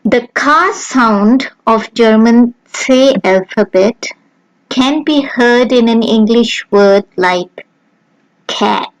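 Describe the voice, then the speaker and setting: A woman with a fairly high voice reads out a beginner lesson at a very slow, deliberate pace. Every sound is spelled out clearly and carefully. The recording is dry and close. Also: no echo, low-quality recording. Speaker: language teacher. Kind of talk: slow scripted lesson narration.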